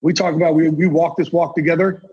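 A podcast guest who is a sportswriter and NFL insider speaks quickly with a flat delivery, his voice on the high side. Though flat in tone, he's intense and earnest, swearing freely in the casual talk, and the audio is dull and lo-fi with a faint hiss or hum.

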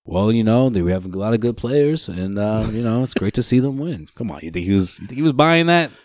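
A man's voice: on the low side, lively intonation, brisk, darkish tone, no room sound, studio quality. A man hosting a casual sports podcast, talking animatedly and slipping into mock voices to joke. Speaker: podcast host.

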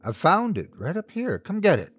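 A man's voice: high voice, wildly swooping pitch, moderate pace, a bit bright, husky, voice pushed up, full character voice. A man voicing a monstrous ice cream truck driver who coaxes in a falsely friendly, wheedling way. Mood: coaxing.

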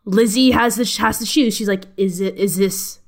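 A woman's voice: mid-range voice, normal speed. A woman podcast guest retelling a film scene in casual chat, a bit self-deprecating.

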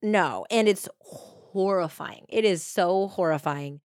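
Animated chatty woman telling a story. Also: slow, dry recording, studio quality. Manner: animated retelling, acts out quotes with pitch jumps; many fillers like "like" and "you know". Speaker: podcast co-host. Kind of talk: casual true-crime storytelling.

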